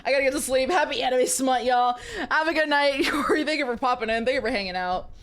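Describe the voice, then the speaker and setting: Giggly, high-voiced young woman streamer. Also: fast.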